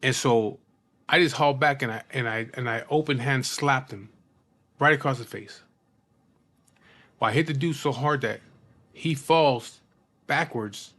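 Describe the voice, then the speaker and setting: A man telling a personal story in casual talk, rough and profane, often repeating and restarting his words. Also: medium pitch, unhurried, pauses often, a bit bright.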